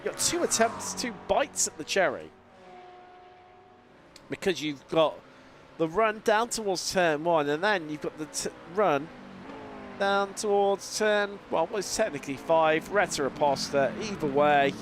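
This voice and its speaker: Male race caller with a cold, raised pitch, quick play-by-play over loud engine roar. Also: noisy background. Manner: lively play-by-play, fillers, restarts mid-sentence. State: has a lingering cold. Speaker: sim racing commentator. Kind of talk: live race commentary. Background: racing car engine sounds.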